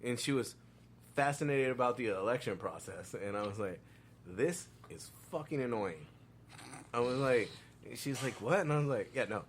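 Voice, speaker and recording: A man's voice: medium pitch, expressive, normal speed, a little hiss or hum. A man hosting a casual podcast, telling stories in a loose, profane way and quoting other people. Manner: loose, profane storyteller who quotes others. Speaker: podcast host.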